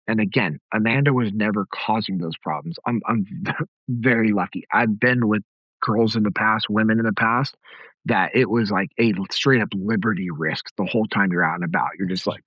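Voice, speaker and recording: A man's voice: lowish voice, moderate pace, no room sound, muffled recording. A middle-aged man hosting a podcast, telling stories in a direct, conversational way. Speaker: podcast host. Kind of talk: casual podcast talk.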